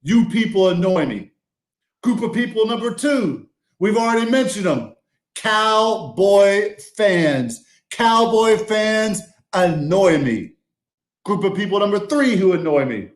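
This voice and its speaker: A man doing a comedic rant about things that annoy him, exasperated and mocking, sometimes bursting into shouts. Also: high-pitched, lively intonation, takes it slowly, echoey room. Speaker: podcast segment regular.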